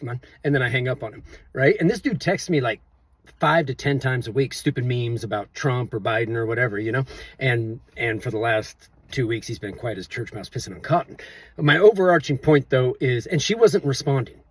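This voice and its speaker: A middle-aged man telling a personal story in a chatty, animated way and asking viewers to judge him. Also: medium pitch, brisk, breathy edge, no room sound. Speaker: vlogger. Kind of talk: casual storytelling to camera.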